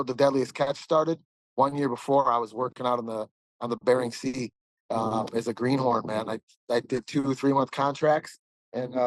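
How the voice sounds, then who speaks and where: A man's voice: mid-range voice, no echo, low-quality recording. A man in his forties from the American Midwest, a podcast guest telling a long story in a rambling, casual way, often laughing and saying "man". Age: 40s.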